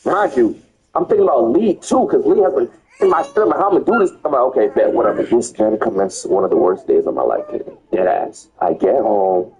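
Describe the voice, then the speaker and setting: A young man telling a wild personal story in casual chat, excitable, swearing and stammering through repeated words. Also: mid-range voice, brisk, low-quality recording.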